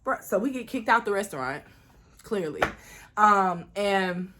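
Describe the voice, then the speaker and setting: A woman from Florida telling a storytime vlog, animated and profane, acting out what people said with sudden jumps in pitch. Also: measured pace, a little hiss or hum. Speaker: vlogger.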